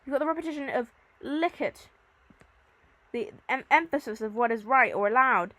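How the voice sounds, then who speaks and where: A woman teaching a recorded Latin lesson, reading verse lines slowly and then explaining them in plain, chatty terms. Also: sits high, animated, fairly bright tone.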